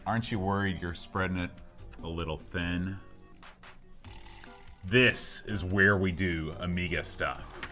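Low, dry-humored man in podcast banter. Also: unhurried, long pauses, faint music behind. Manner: dry, deadpan. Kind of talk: casual chat.

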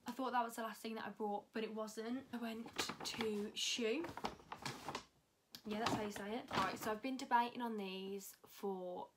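A woman's voice: fairly high pitch, steady tone, brisk, hardly any pauses, very noisy. A young woman chatting casually through a fashion haul, talking freely and swearing often. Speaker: fashion vlogger.

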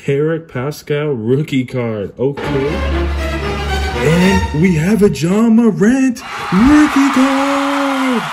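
A young man narrates a trading card unboxing in his apartment. He keeps his voice down and talks in a fairly flat, subdued way. His voice sits a little low. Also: slight background noise. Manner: kept low and subdued, calls himself monotone. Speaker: card collecting YouTuber. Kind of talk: casual unboxing commentary. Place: apartment at home.

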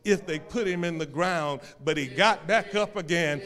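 A male pastor preaching a sermon, swinging between loud calls and hushed, drawn-out lines. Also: on the high side, slight background noise. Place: church sanctuary. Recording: reverberant church sanctuary.

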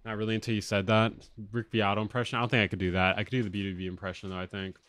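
A man with a lateral lisp chatting casually on a livestream from a home studio, loose and excitable and swearing often. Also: on the low side, very fast, no room sound. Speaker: music producer streamer.

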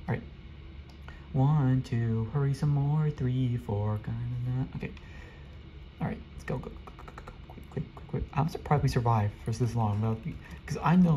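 A man giving excitable live gameplay commentary, talking to his viewers and rattling off rapid repeated urgings. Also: mid-range voice, a little hiss or hum. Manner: chatty, addresses viewers directly. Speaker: gaming video creator.

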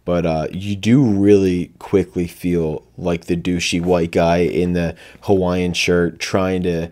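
A man's voice: deep voice, little pitch movement, slow pace, a little mellow. A young man, co-hosting a podcast in casual chat, laid-back and trailing off with fillers. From South Jersey. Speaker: podcast co-host.

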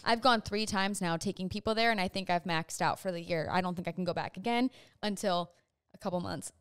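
A woman's voice: lowish voice, brisk, a bit bright, smooth, no room sound, studio quality. A young woman hosting a casual chat with her mom, chatty and often laughing. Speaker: host.

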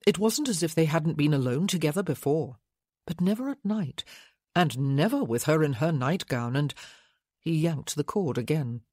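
Woman reading a romance novel, low husky voice, real dry close sound. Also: lively intonation, normal speed, darkish tone, no room sound. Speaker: audiobook narrator. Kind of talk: scripted narration.

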